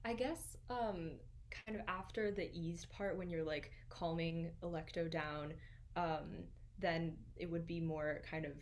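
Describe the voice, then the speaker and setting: A young woman music student answering questions in a masterclass, soft-spoken and hesitant, with nervous laughs between her words. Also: lowish voice, fairly even intonation, unhurried. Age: young adult.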